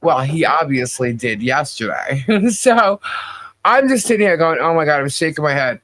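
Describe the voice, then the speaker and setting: A man co-hosting a podcast in casual commentary chat, animated and quick with asides. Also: a little high, dry recording. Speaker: podcast co-host.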